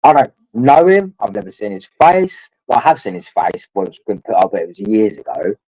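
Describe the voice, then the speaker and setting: A man's voice: lowish voice, sing-song, a little fast, dark tone, no echo. A man, talking rambling and crude to his livestream chat while drinking, swearing often and calling viewers his lads. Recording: dull lo-fi stream audio.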